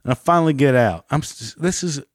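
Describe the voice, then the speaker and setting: A man's voice: brisk, no room sound, studio quality. Furious man retelling a car crash. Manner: heated, heavy swearing, rising pitch when agitated. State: still angry about the event. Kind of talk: angry personal storytelling.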